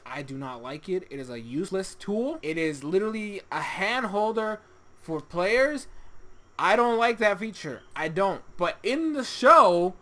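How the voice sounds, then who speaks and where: In a casual solo commentary, a young adult with a mid-range voice reviews an anime episode. They're excitable, laugh a lot, and swear often.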